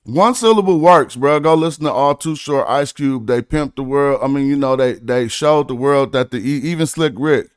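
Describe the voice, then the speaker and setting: A man's voice: mid-range voice, moderate pace, few pauses, clean tone, no room sound, clean studio sound. A man streaming casually, chatting. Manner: laid-back slang, breaks down rhymes syllable by syllable. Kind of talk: casual livestream chat about rap and study.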